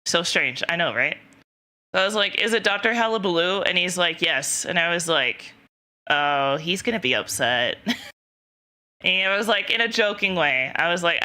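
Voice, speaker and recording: A woman's voice: fairly low pitch, lively intonation, normal speed, bright, forceful tone. A young woman streamer casually telling a rambling story to her chat, laughing often and quoting herself. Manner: giggly, rambling, lots of self-quoting.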